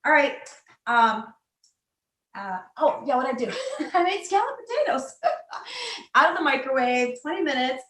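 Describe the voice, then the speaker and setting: A chatty woman gives a casual cooking demo from her home kitchen. Her slightly high voice rings in the echoey room, and she laughs often between tips. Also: very animated, measured pace, long pauses, a bit bright. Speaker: cooking demonstrator.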